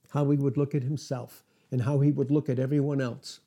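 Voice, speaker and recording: A man's voice: medium pitch, flat delivery, fairly quick, hardly any pauses, mellow. A man preaching a sermon, pressing his listeners with repeated rhetorical questions and emphatic calls.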